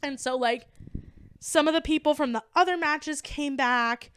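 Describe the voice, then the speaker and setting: A young adult woman co-hosting a comedy podcast, chatting casually and excitedly with lots of "like" and quoted impressions. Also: high-pitched. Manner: bubbly, rapid recaps full of "like" and quoted impressions. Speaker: podcast co-host.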